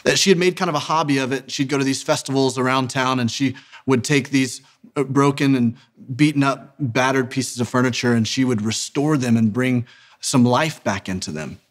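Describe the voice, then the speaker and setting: A man in his thirties giving an earnest, emphatic sermon-style talk as a ministry founder, slowing down to stress key words. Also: medium pitch.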